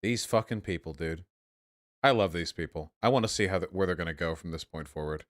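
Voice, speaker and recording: A young man hosting a livestream, reacting to chat with sarcastic, animated commentary full of swearing. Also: deep voice, a little fast. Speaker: livestream host.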